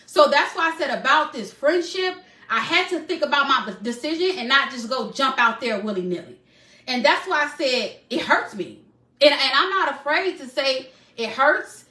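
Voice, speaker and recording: A woman with a high, bright voice talks earnestly and from the heart, leaning on repeated phrases to drive her points home. She is speaking live from her home, and the room adds a noticeable echo. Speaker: live-stream host.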